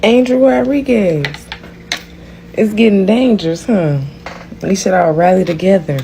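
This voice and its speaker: A woman mocking slowly in a reaction video, with faint noise behind. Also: mid-range voice, gravelly, warm tone. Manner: mocking, slow and drawn out. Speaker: social media commentator.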